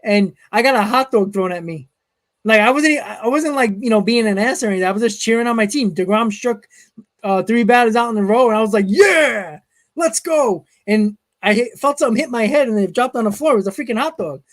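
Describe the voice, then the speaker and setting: Hosting a live stream, a man reads chat comments and tells stories casually, often chuckling. His voice sits high and moves fast.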